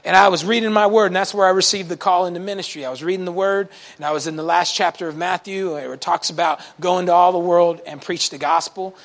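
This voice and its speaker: A male pastor preaching to his congregation with a high, bright voice and a gravelly edge. He tells folksy stories, animated and colloquial, and now and then rises into a shout. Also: fast talker, hardly any pauses. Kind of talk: sermon. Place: church service before a congregation.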